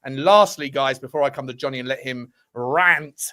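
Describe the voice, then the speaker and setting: A man's voice: mid-range voice, normal speed, bright, forceful tone. A man co-hosting a football podcast, chatting casually and rambling through sponsor plugs. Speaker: podcast co-host.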